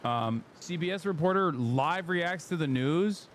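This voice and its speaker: Sarcastic deadpan male streamer. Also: fairly high pitch, a little slow, a little hiss or hum. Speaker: streamer host. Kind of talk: casual livestream commentary.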